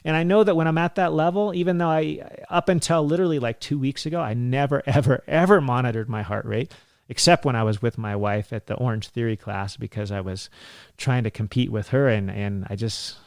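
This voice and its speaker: A man's voice: mid-range voice, fairly even intonation, fairly quick, clear, resonant tone, dry recording, studio quality. A man in his forties hosting a health podcast, talking casually with lots of fillers and laughs. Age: 40s. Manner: chatty, laughs often, many fillers. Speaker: physician podcast host.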